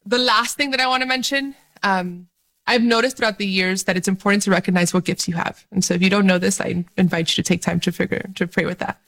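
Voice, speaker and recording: A woman talking about her faith to camera, with a cheerful, animated delivery. Her voice sits at a middle pitch, but it jumps up brightly when she gets excited. She laughs often as she speaks. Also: fast. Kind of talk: faith-sharing video talk.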